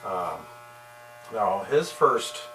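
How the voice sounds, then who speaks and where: A man's voice: lowish voice, very animated, drawn-out words, reverberant. A man working as a barber, chatting in an easygoing, folksy, rambling way while he cuts hair. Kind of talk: casual chat while cutting hair. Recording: distant mic with electrical hum and clipper buzz.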